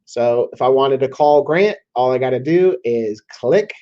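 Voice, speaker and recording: A man with a Southern American accent walking viewers through a software tool in a casual screen-share tutorial, often checking in with "okay?". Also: mid-range voice, a little slow. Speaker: software demo presenter. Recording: slightly dull lo-fi audio.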